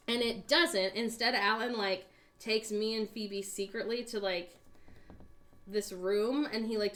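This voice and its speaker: A young woman from the United States chats casually while crafting on a stream. She rambles through a long, silly story, stopping often for fillers and small laughs. Her pitch sits in an ordinary middle range. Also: a bit bright. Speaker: co-host.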